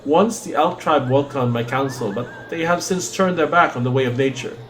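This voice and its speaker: A man reading a gentle, wise old male druid from a game, calm and solemn. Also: mid-range voice, moderate pace, close to an everyday voice. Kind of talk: reading game dialogue aloud.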